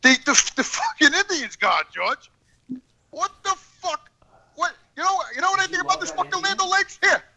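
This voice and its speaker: Brief: male podcast regular, very high, sharp voice, profane and rambling rants over a video call. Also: expressive, normal speed, rough recording. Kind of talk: casual chat, ranting.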